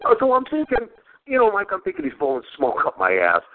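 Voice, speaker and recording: A man's voice: very high-pitched, huge pitch swings, fast talker, gravelly. A man hosting a podcast in casual chat, rambling and crude, laughing often. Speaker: podcast host. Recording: phone-like lo-fi sound.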